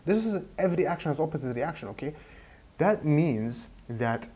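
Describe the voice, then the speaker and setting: A young man giving casual advice in a goofy, rambling way, speaking deliberately broken English. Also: on the high side, lively intonation, mellow. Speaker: advice vlogger.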